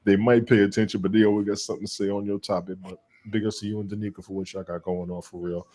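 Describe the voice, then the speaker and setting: A man's voice: lowish voice, level tone, quick pace, mellow. A man hosting an online sports chat show, laid-back and slangy, often repeating words as he gets going. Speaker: podcast host.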